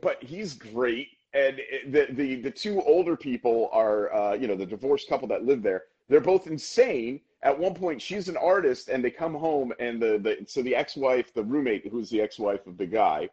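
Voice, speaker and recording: A man in his thirties, co-hosting a casual podcast, telling an animated story with playful voices for the characters. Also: medium pitch, moderate pace, hardly any pauses, breathy edge, dull audio. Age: 30s. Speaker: podcast co-host. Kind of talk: casual chat.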